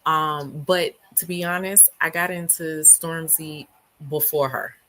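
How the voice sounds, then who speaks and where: A woman hosting a book club livestream, her voice hoarse and not fully recovered, talking in an animated, slangy way. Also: sits low, slow, a little hiss or hum. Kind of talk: casual livestream chat.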